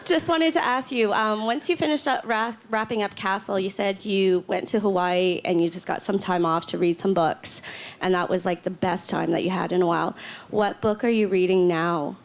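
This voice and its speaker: A woman fan asking a panel a question, gushing with nervous ums and giggles. Her voice sits mid-pitch. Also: normal speed. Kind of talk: audience Q&A question.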